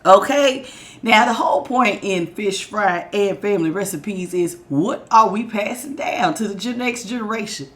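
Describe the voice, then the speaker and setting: With a medium-pitched, animated voice at a moderate pace, a woman from the American South chats her way through a tarot reading while nursing a sore throat. Her casual, folksy style has her calling listeners y'all and baby.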